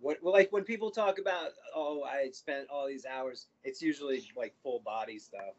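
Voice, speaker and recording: A man answering trivia among friends in a rambling, hesitant way, full of pauses. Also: mid-range voice. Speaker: quiz player. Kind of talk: casual chat. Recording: dull lo-fi audio.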